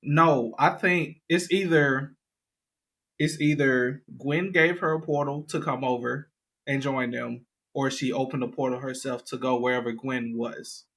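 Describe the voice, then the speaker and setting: A man's voice: medium pitch, steady tone, unhurried, fairly bright tone. A man co-hosting a podcast, chatting casually and thinking aloud with hesitant fillers. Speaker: podcast co-host. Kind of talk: casual chat.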